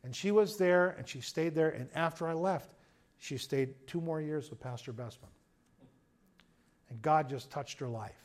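Animated New preacher. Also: male voice, a little high, normal speed. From United States. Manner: conversational, shifts between loud emphasis and quiet asides. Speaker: pastor. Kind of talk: storytelling sermon.

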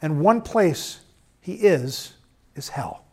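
A middle-aged man preaching a sermon, swinging between loud urging and quiet storytelling. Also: fairly high pitch, animated, takes it slowly, husky.

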